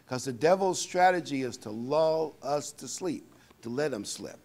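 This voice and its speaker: An older man preaching a sermon in a folksy, conversational way, reading scripture aloud and pausing to find verses. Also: on the high side, darkish tone. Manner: pauses often with fillers to find verses. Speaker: pastor.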